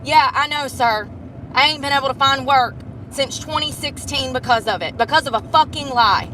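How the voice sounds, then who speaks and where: A woman's voice: sits high, normal speed, bright, forceful tone. Frustrated woman ranting, noisy outdoors. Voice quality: heavy swearing, frustrated. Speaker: vlogger. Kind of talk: angry profane rant. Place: in and around a car outdoors.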